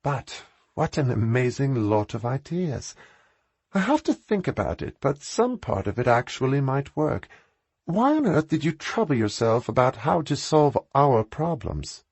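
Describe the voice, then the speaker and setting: Casual: guy doing a snappy posh lady, lively ups and downs. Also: unhurried, slightly rough, dry recording, exaggerated voice. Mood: brusque. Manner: exclaiming, higher voice. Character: aristocratic Englishwoman, sharp-tongued and brusque.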